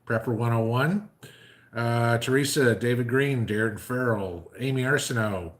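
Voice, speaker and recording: A man's voice: mid-range voice, a little slow. A man hosting a casual livestream who talks in a loose, rambling way, full of fillers, and tells jokes. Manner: rambling, filler-heavy, joke-telling. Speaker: livestream host.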